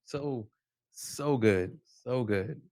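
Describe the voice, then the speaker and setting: A man's voice: medium pitch, extremely slow, darkish tone, dry recording. A man co-hosting a faith podcast, with a mid-range voice that keeps jumping in with eager affirmations. He tells his story casually, and the sound is dry and close. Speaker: podcast co-host.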